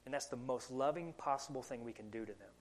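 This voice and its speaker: A young man with an American Southern country accent preaches a sermon as a pastor, his mid-range voice moving fast. He is earnest and keeps putting questions to the congregation.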